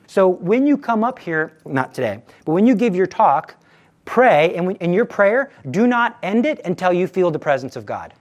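A man's voice: high voice, big pitch swings, moderate pace, highs cut off. Earnest male retreat speaker, casual faith talk to teens, chatty, keeps repeating his promises. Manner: earnest and conversational, repeats assurances; acts out quoted dialogue. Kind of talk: informal religious talk to teens.

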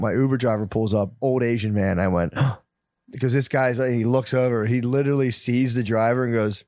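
Casual male co-host, excitable storyteller, dry close mic. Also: medium pitch, normal speed, dry recording. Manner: excitable, laughs often, swears a lot. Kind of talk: casual chat, crude storytelling.

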